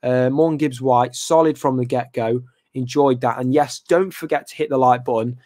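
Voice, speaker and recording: A young man talking casually to his live viewers about a football match. He rambles, hesitates and restarts often, with a mid-pitched voice. The sound is dry and close to the mic. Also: fairly even intonation, moderate pace, warm tone, no room sound. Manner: talks to viewers in the live chat by name. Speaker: fan channel host. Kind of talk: casual live fan reaction chat.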